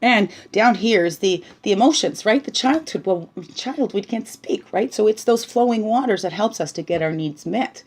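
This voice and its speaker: A woman giving a casual spiritual talk while reading oracle cards, bubbly and chatty, often tagging on "right?" and slipping into soft, hushed asides. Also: medium pitch, animated, normal speed, few pauses. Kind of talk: casual spiritual teaching monologue.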